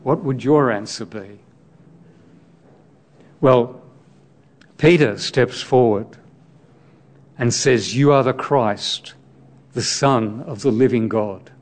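A man's voice: medium pitch, slow pace, pauses often. A man preaching a sermon on scripture, reflective and explaining the text, asking his listeners direct questions.

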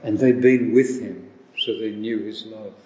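Male preacher, unhurried, deliberate, in a reverberant church hall with long echo. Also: on the low side, steady tone, darkish tone, a little hiss or hum. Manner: slow, deliberate delivery with rhetorical questions. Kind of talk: sermon.

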